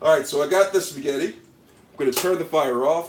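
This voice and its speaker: Slightly high-voiced guy doing a goofy cooking show in his kitchen, bragging nonstop. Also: a little fast, a little hiss or hum. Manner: boastful, repeats catchphrases, talks to viewers. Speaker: comedic cooking vlogger. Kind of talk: deadpan parody cooking show. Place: home kitchen.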